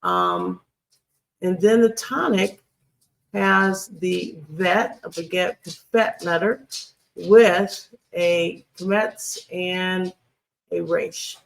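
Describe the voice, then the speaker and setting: Grammar teacher, unhurried delivery, heavy vocal fry, repeats key points with many ums. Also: medium pitch, expressive. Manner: deliberate, repeats key phrases, frequent ums. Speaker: Hebrew grammar instructor. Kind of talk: screen-share lesson.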